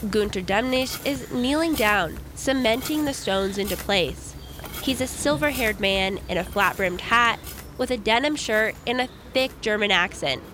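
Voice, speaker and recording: A young woman from the United States narrating a radio feature report in a calm, measured first-person voice. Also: on the high side, background noise.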